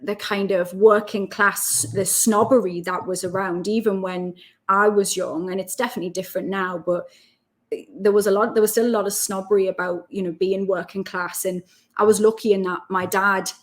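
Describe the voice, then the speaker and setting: A woman with a Geordie accent, from Newcastle, chatting as an interview guest and telling lively stories. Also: mid-range voice, normal speed. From Newcastle, North East England. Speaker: guest, self-development coach. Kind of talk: casual interview chat.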